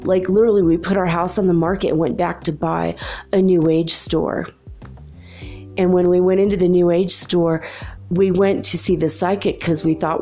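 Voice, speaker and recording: A middle-aged woman casually telling a personal story in a chatty, animated way, laughing often. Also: on the low side, moderate pace, soft background music. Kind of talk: casual anecdote.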